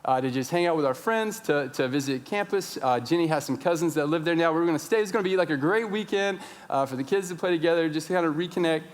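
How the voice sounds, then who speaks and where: A man in his thirties, a pastor telling a story in a sermon, acting out his own shouting. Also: on the high side, fast talker, hardly any pauses. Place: large church sanctuary. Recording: long church reverb.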